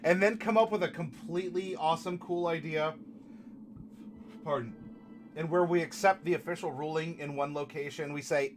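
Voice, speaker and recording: A man with a fairly high voice hosts a relaxed live stream and chats back to his viewers. He jokes and plays with puns, then turns soft and comforting. Music plays clearly behind him the whole time. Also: normal speed. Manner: playful and punny, turning gentle and consoling. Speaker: streamer hosting a tabletop game channel. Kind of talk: casual live-stream chat, answering viewer comments.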